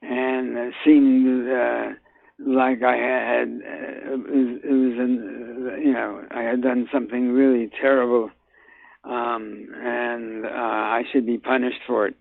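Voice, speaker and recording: An older man speaks over a tinny phone line as a radio guest. His voice is gravelly, and he talks haltingly, circling back with fillers and restarts before he lands his point. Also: medium pitch, level tone, no echo. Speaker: guest actor. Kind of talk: phone interview.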